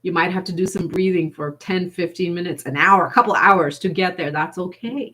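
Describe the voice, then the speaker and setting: A woman facilitating a workshop, leading a gentle, unhurried guided meditation with playful, sassy asides. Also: on the low side.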